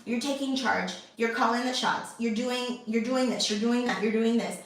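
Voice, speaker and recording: A woman's voice: on the high side, normal speed, far from the mic. A young adult woman hosting her own channel, talking casually to camera, chatty and full of fillers and restarts. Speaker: lifestyle channel host. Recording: echoey room, voice off-mic.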